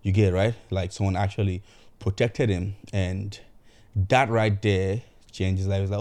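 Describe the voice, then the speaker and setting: Male storyteller, lowish voice, dry close sound, chatty and animated. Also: moderate pace, no room sound. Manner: animated retelling, acts out quoted voices, frequent "you know". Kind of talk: casual storytelling monologue.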